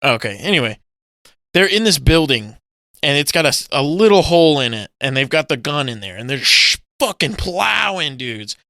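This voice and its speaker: Bright, clear man telling stories. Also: fairly high pitch, moderate pace, dry recording, studio quality. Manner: animated storytelling, swearing, loud acted-out yells. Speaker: podcast co-host. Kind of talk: casual chat.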